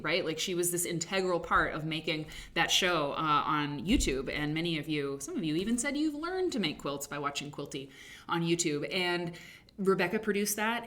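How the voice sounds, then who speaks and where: A woman's voice: on the low side, fairly bright tone. A woman from the American Midwest hosting a casual livestream from a home studio, chatty and rambling, laughing easily. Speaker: host. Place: home studio with green screen.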